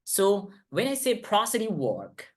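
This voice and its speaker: Male English coach teaching an online masterclass. Emphatic, with deliberate pauses on key words. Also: sits high, wildly swooping pitch.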